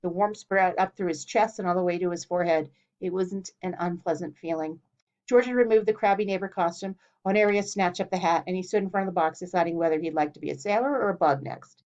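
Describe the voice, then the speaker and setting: A woman reading a children's storybook aloud in a clear, steady way. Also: lowish voice, fast. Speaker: narrator. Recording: dull lo-fi recording.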